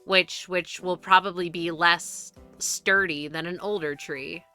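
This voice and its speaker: Young woman, streamer, rambling casual chat, crisp smooth voice, swears a lot, restarts often. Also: lowish voice, steady tone, a little slow, pushed and bright, faint music behind.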